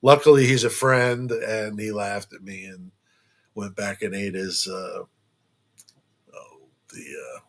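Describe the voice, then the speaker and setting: A man's voice: fairly low pitch, little pitch movement, a little slow. A man hosting a casual true crime live stream from home. He rambles and jokes, with lots of fillers and restarts.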